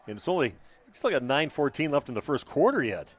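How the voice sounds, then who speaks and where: A man calling a high school football game live on radio as the play-by-play announcer, talking loosely with frequent "uh" fillers. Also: big pitch swings, brisk.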